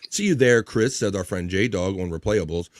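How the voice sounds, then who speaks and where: A man's voice: sits low, moderate pace, no echo, studio quality. Chatty male livestream host. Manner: upbeat, thankful, chatty. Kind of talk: casual chat, reading chat messages.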